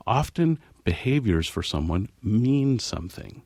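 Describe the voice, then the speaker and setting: Gravelly low-voiced male therapist. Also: very animated, normal speed, a little mellow, dry recording, studio quality. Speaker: marital therapist guest. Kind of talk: radio interview, storytelling.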